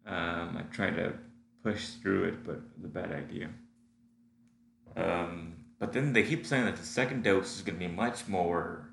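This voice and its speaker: Deep, creaky man with a stuffy nose. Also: a little slow, a bit bright. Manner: meandering, many fillers and restarts. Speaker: solo audio diarist. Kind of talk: rambling casual monologue. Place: his apartment. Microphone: home recording setup at a computer. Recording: echoey room with faint hum.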